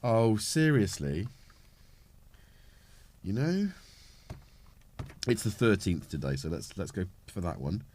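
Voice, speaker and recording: A man's voice: lowish voice, sing-song, takes it slowly, pauses often, a little mellow, a little hiss or hum. A middle-aged man with a cold, chatting casually on a live stream as he fiddles with his gear, rambling and poking fun at himself. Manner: rambling, self-mocking, talks while tinkering. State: has a cold. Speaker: livestream host.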